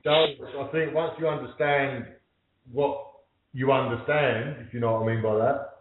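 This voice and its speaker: A man's voice: medium pitch, fairly even intonation, normal speed. A man on a panel discussion, talking in a reflective way and repeating words as he starts. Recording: tinny, echoey phone line with faint hiss.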